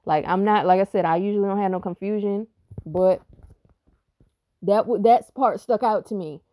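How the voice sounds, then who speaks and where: A woman's voice: medium pitch, moderate pace, dark tone, dry recording. A woman who is a spiritual reader, talking on her podcast in a rambling, profane, emphatic way. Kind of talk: casual podcast monologue.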